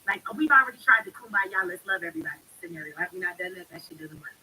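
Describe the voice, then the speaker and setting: A woman's voice: medium pitch, animated, fairly quick, sharp tone, husky, low-quality recording. A woman hosting a live stream, talking bluntly and emphatically in a heated monologue. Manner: blunt, emphatic, speaks with heavy profanity.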